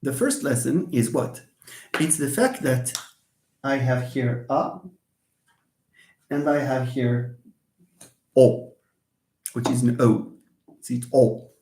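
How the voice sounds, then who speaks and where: A man's voice: medium pitch, takes it slowly, pauses often, dark tone, reverberant. A middle-aged man with a Moroccan accent teaching English pronunciation in a live online lesson, often repeating words and sounding them out for students.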